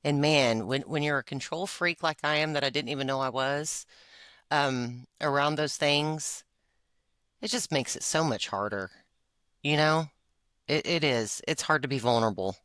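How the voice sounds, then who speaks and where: Woman in her 40s, confessional podcast co-host, crisp bright tone, dry close mic. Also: deep voice, normal speed, no room sound. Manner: emotional, confessional, with frequent fillers and laughs. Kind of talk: candid personal conversation.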